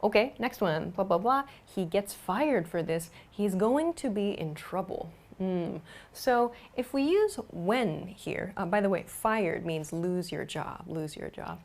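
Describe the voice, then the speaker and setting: A woman explaining English grammar in a patient, clear lesson, with frequent small fillers. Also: medium pitch, lively intonation, unhurried, darkish tone. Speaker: English teacher.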